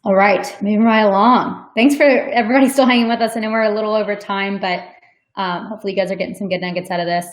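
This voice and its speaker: A woman fields audience questions during an online webinar, speaking in a relaxed, conversational way with plenty of ums and likes. Her voice sits at an ordinary middle pitch. The sound is roomy, with a clear echo around her. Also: fast. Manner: conversational, frequent "um" and "like", laughs easily. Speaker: sales development manager on a webinar. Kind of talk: webinar Q&A, casual explanation. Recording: echoey room.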